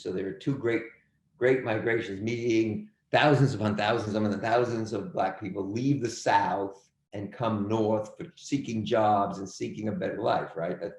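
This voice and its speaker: An emphatic man leads a history class over a video call, circling back to restate his points. His voice is gravelly and sits in an echoey room. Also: lowish voice. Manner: emphatic, repeats phrases, calls on students by name. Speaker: history teacher. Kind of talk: online class lecture.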